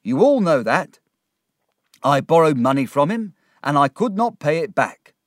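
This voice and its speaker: A man voicing an excitable middle-aged gentleman in a storybook reading, theatrical and swelling with feeling. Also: a little high, unhurried, no room sound, clean studio sound. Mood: earnest. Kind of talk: audiobook character reading.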